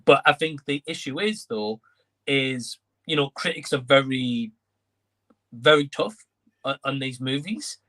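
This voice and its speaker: A man's voice: mid-range voice, unhurried, bright, forceful tone. A man co-hosting an entertainment live stream, talking in a conversational way and thinking aloud as he goes. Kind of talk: casual chat.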